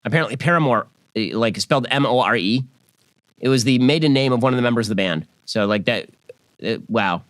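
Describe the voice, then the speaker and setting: A man's voice: medium pitch, a little fast, fairly bright tone, dry recording. A man in his thirties delivering a scripted commentary monologue in a sarcastic, mocking way. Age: 30s. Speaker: political commentator.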